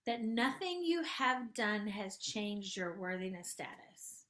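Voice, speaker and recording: A host and spiritual life coach leads a gentle coaching talk and guided meditation, speaking slowly in a medium-pitched voice with hardly any pauses. Her soft, tender delivery draws words out and sometimes drops to a near-whisper.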